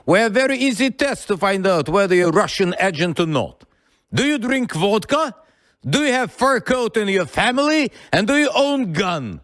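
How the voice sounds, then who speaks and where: Sarcastic high-voiced male host. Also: normal speed, no room sound. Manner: animated, mocking sarcasm. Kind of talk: interview.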